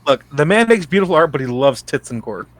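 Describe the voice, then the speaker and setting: Podcast guy dropping trivia, a bit higher voice, super dry close sound. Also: sing-song, quick pace, dry recording. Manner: chatty aside-giver, offers background trivia. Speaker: podcast co-host. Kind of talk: casual podcast chat.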